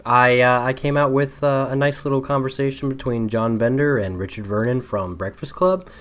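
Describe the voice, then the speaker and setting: Male co-host, mid-pitched, jokey and self-mocking. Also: steady tone, moderate pace, fairly bright tone. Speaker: podcast co-host. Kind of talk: casual podcast banter.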